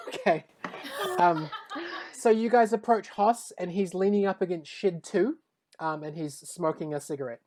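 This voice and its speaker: A woman running a tabletop game as game master, relaxed and hesitant, with lots of fillers. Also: lowish voice, measured pace, a little hiss or hum.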